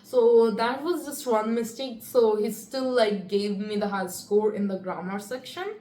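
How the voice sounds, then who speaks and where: A woman's voice: medium pitch, measured pace, warm tone. A teenage girl talking casually to the camera in a chatty, rambling way, full of fillers. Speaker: student vlogger. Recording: echoey room with faint ambient noise.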